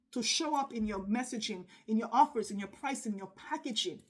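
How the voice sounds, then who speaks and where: Speaking emphatically and pausing dramatically the way a preacher would, a middle-aged sales coach gives a sincere motivational talk rooted in faith. Her voice is a little high.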